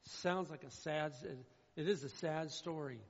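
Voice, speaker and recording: High-voiced man preaching in an echoey hall. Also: unhurried. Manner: emphatic preaching with swings from loud to hushed. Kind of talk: sermon. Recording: echoey hall with dull sound.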